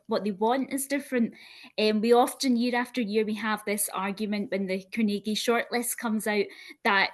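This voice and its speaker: A woman who is a school librarian, a guest on a podcast, speaking in a measured, thoughtful way. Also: on the high side. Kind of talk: casual podcast discussion.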